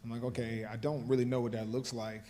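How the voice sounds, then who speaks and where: A man answering questions as the guest at an author event, in a measured, thoughtful way, often adding "right?" and "you know". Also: medium pitch, flat delivery, mellow, a little hiss or hum. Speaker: guest author, former football player. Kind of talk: conversational interview answers.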